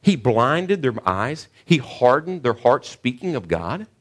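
A man's voice: mid-range voice, sing-song, a little slow. A male pastor preaching a sermon on a scripture passage, earnest, often stumbling and repeating words before pushing to emphatic questions.

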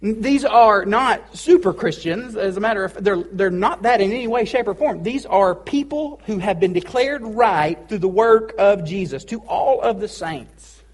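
A man's voice: high-pitched, animated, normal speed, few pauses. A man preaching a sermon as pastor, casual and joking, with pop-culture asides.

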